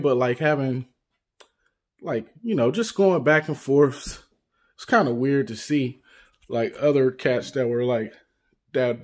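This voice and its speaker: A man from Northern California talking casually to camera on his vlog, loose and rambling, with lots of "you know" and restarts. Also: medium pitch. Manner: loose, rambling, full of "you know what I'm saying". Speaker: YouTube vlogger. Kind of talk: casual storytelling monologue.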